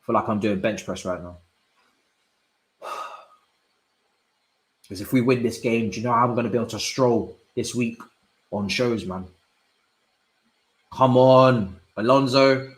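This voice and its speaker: A young man reacting live to a football match, swinging from low muttering to loud shouts and using plenty of slang. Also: a little slow, pauses often, roomy sound, poor audio. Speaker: football watch-along streamer. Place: indoor room at home.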